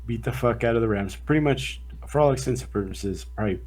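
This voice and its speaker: Husky man in rambling sports chat. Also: mid-range voice, fast. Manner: rambling, profane, animated sports talk. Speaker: podcast co-host. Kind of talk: casual chat.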